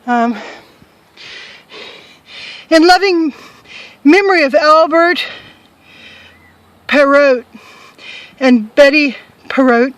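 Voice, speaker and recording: A woman's voice: high-pitched, dry recording, poor audio. An older woman chatting to camera as a travel vlogger outdoors, in a joking, self-mocking manner. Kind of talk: casual chat to camera. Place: outdoors in a hillside cemetery.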